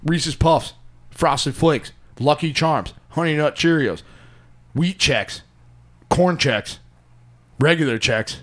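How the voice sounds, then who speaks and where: A man's voice: a little high, slow, long pauses, a bit bright. A man co-hosting a casual podcast chat, joking and crude, laughing often.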